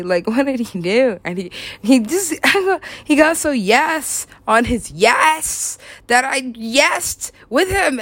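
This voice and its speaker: Giggly young woman, lively swooping voice. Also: high-pitched, dry recording. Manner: giggly, excitable, profane, trails off. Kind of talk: rambling storytelling.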